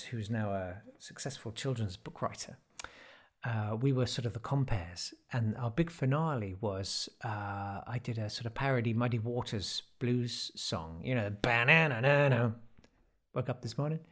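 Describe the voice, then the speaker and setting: A man in his forties tells stories in a loose, rambling way on a podcast. His voice sits in an ordinary middle pitch, and his delivery is casual and self-deprecating, full of dry throwaway jokes. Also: normal speed, breathy edge. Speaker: podcast guest. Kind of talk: casual interview storytelling.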